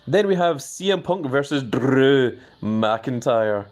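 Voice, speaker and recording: A man hosting a live stream. He chats casually, fills his talk with hedges, and his pitch jumps up whenever he reads out viewer comments. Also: animated, slow pace. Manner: hedging with many fillers.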